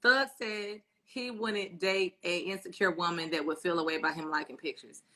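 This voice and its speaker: A woman's voice: on the low side, steady tone, moderate pace, sharp tone. A woman co-hosting a casual live stream, teasing her co-host and reading viewer comments with brash, profane humor. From born in Spain, raised in Florida and Texas. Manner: brash, teasing, swears freely.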